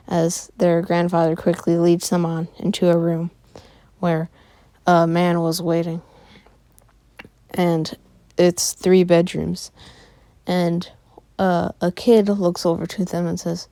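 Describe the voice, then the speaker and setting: A woman narrating an improvised fan story in a halting way, with many fillers and pauses. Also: fairly low pitch, little pitch movement, creaky, mellow, dry recording.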